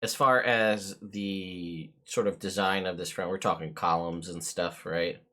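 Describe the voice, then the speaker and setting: A man acting as game master for a tabletop game describes scenes and asks his players questions, hesitating often with many fillers and restarts. His low voice is a little slow and a bit bright, with fairly even intonation.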